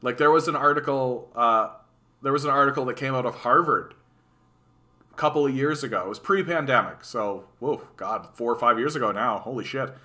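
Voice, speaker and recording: Canadian man, bright voice, sarcastic live-stream commentary, quick restarts, animated. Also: mid-range voice. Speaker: political streamer. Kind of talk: casual live-stream commentary reading chat.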